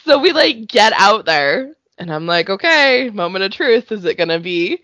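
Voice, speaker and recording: A Canadian woman in her thirties co-hosting a podcast, telling stories in a casual, animated way with frequent laughter, sounding congested from allergies. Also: mid-range voice, moderate pace, no echo, highs cut off. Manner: animated storytelling, laughs often. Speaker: podcast co-host. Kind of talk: casual chat.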